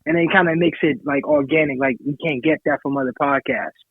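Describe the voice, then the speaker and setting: A man's voice: a little high, very animated, a little fast, vocal fry, slightly rough, no echo. A man from Haiti, chatting casually as a podcast co-host and explaining things at length with self-assurance. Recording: tinny phone-like sound.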